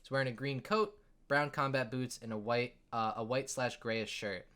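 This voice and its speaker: A man's voice: mid-range voice, steady tone, normal speed, bright, forceful tone. A man narrating a tabletop game as game master, rambling with many fillers. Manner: rambling, full of fillers, laughing.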